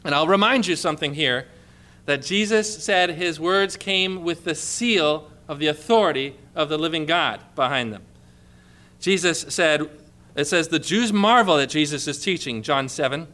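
A man preaching a sermon with passion, dropping to a hushed tone when quoting scripture. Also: fairly high pitch, normal speed.

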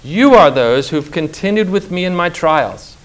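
A middle-aged man preaching a sermon, emphatic and slow, with dramatic pauses and rhetorical questions. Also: fairly high pitch, expressive.

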